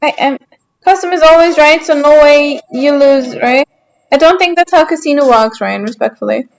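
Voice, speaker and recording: A young woman streams a game from her sofa at home, chatting casually with her viewers. Her voice sits high and bright, and she answers chat aloud with a playful, defensive streak. The talk stays loose and unscripted. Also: normal speed, poor audio. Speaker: gaming streamer.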